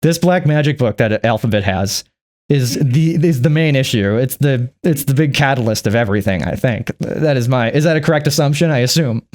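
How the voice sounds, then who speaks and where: A man's voice: medium pitch, lively intonation, a little fast, darkish tone. A man vlogging a rambling movie recap, profane and chuckling often.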